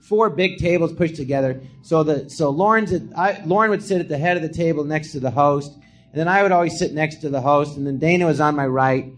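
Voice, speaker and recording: A man, a comedian guest, telling stories in a live podcast and acting out the quotes in high, shouted voices. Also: brisk, slight background noise. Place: podcast theatre before a live audience.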